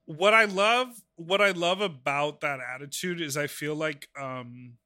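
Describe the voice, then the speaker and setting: A man hosting a podcast, his voice bright and forceful, pitched a bit high. He talks reflectively in casual conversation, often trailing off softly, recorded dry and close. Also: a little slow, dry recording. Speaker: podcast host. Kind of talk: casual interview chat.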